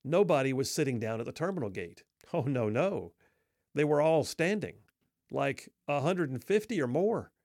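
A man's voice: medium pitch, lively intonation, normal speed, a little mellow, dry recording, clean studio sound. A middle-aged man telling a humorous personal story in a wry, self-deprecating, folksy way.

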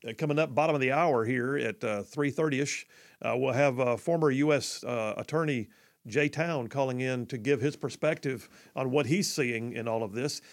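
A middle-aged man hosting live talk radio, rambling with many fillers and restarts. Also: mid-range voice.

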